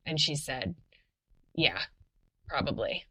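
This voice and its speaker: A young adult woman in a casual podcast interview, telling a personal story in a chatty, animated way with lots of fillers. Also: low voice, slow, breathy edge, rough recording. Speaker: podcast guest telling her birth story.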